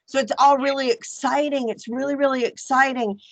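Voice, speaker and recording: A woman guest in casual chat, animated and frank, swearing freely as she talks about her faith. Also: sits high, a little fast, dry recording. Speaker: podcast guest, archpriestess.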